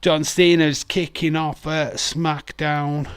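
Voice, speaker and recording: A man's voice: mid-range voice, level tone, normal speed, gravelly, few pauses, dry recording. A young man from West Yorkshire with a Yorkshire accent, chatting casually and swearing freely as he hosts a live wrestling watch-along and talks to his chat by name. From West Yorkshire, England.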